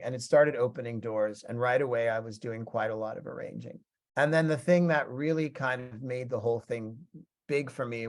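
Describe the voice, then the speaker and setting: A middle-aged man, a musician teaching a class, telling stories in a chatty, animated way and acting out both sides of past conversations. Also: mid-range voice. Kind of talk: casual storytelling lecture.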